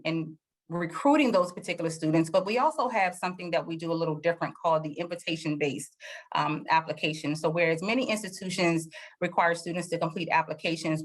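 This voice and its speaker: A woman speaking for a university on a video call panel, measured and formal with frequent pauses and fillers. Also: on the low side. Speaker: university representative. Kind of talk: informative answer on a panel.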